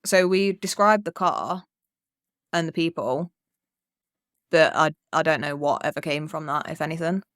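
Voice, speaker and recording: A young woman, a podcast co-host, telling a story in casual chat, animated and swearing freely. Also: low-pitched, normal speed, pauses often, no room sound, studio quality.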